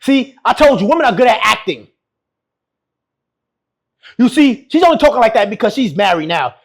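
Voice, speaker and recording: A man's voice: sits high, very animated, normal speed. A man giving brash, mocking reaction commentary. He laughs often and keeps repeating his insults. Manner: laughs often while talking. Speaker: YouTube relationship commentator.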